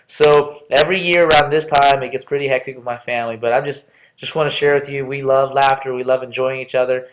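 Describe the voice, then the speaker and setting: A man's voice: mid-range voice, fairly even intonation, quick pace, hardly any pauses, poor audio. A young man introducing himself to a class with a casual, rambling personal story, full of restarts and asides.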